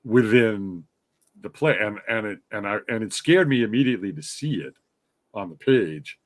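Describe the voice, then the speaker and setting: A man hosting a podcast, joking and expressive in casual conversation. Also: lowish voice, normal speed, no echo. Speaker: podcast host.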